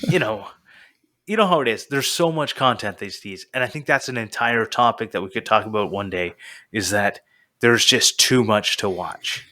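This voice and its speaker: A male podcast host with a bright, ringing tone in relaxed chat. He rambles, laughs at himself and fills pauses with "uh" and "like". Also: on the low side. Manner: rambling, self-deprecating, with frequent fillers.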